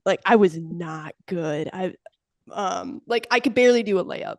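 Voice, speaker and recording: A woman's voice: mid-range voice, a little slow, no room sound, studio quality. A woman co-hosting a podcast, chatting casually with a self-deprecating, hesitant manner. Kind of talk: casual chat.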